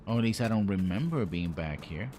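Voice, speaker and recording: Thinking out loud during a live-streamed game, a man with a somewhat low voice keeps up a brisk, loose, rambling commentary and tosses off puns as jokey self-talk. A steady wash of background noise sits under his voice.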